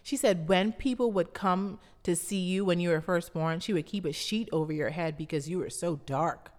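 A woman's voice: on the low side, normal speed, a little mellow, big-room sound. A woman with a Bahamian accent, a brand founder giving a motivational talk in an emphatic, repetitive, preaching cadence.

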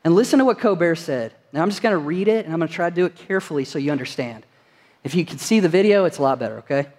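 Pastor, male, high tenor, earnest sermon delivery, echoing church hall. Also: animated, rapid-fire, darkish tone. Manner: earnest, rhetorical questions to the congregation. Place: church sanctuary.

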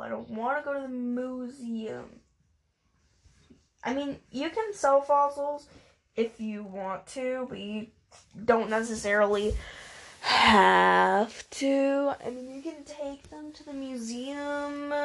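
A woman chatting through a life-sim game, tired, chatty and easily sidetracked, mocking herself as she plays. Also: a little high. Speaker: gaming video creator. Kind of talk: casual gameplay commentary.

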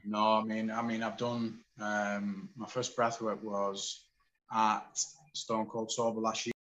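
A man in his forties from the UK, a podcast guest telling his story in candid, animated casual conversation. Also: on the low side, slow pace, poor audio. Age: 40s.

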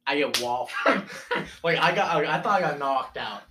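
A man's voice: fairly high pitch, lively intonation, normal speed, noisy background. A young man eagerly telling a story from his school sports days, laughing as he goes. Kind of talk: casual storytelling chat.

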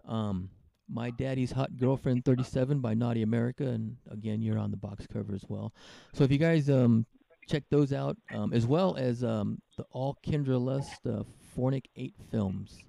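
A man's voice: medium pitch, normal speed, creaky, warm tone, no room sound. A man hosting a podcast interview, chatting casually and rambling with many fillers and restarts. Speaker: podcast host.

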